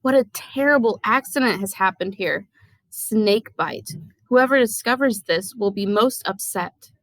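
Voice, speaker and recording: A woman's voice: mid-range voice, a little slow, fairly bright tone, no echo. A woman voicing a sneering, scheming male villain in a storybook reading, mocking and snarling.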